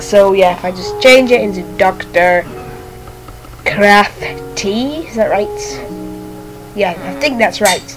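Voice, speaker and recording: A young woman gives casual, chatty gameplay commentary at a mid-range pitch, talking straight to a game villager. Now and then she drops into a soft whisper. Clear game music plays behind her. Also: takes it slowly, low-quality recording. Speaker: Minecraft channel host.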